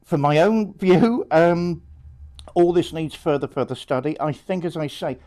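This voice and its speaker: A man's voice: a little high, a little mellow. A man, a priest, gives an informal public talk to a small audience, conversational and blunt, full of rhetorical questions and asides.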